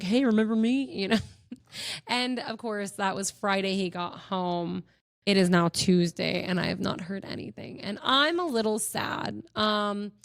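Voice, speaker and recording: A young woman tells stories on her own podcast in a bubbly, gushing way, giggling often. Her pitch sits in the middle for a woman. The recording is close and dry, with no room sound. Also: no echo. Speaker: podcast host. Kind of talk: casual chat.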